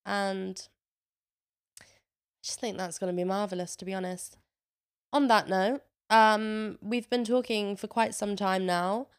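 Chatty young woman with a smooth, clear voice. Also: mid-range voice, steady tone, a little slow, pauses often. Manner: chatty, swears casually, says "like" a lot. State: a bit congested. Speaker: vlogger. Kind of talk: casual chatty vlog. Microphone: own microphone with a noise gate.

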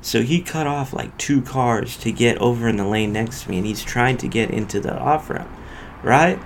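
A man's voice: mid-range voice, moderate pace, slight background noise. A male podcast host casually telling a profane road-rage story in loose street slang.

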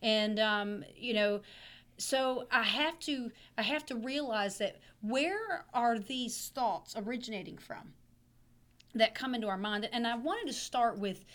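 A woman pastor talks on a podcast with a voice made hoarse by laryngitis. She teaches in a loose, chatty way, repeating words and clearing her throat. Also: a little high, measured pace, fairly bright tone. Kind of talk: casual teaching chat.

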